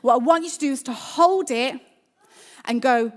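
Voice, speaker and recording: A woman's voice: sits high, moderate pace. A woman preaching a sermon in church, emphatic, repeating her phrases and calling for an amen.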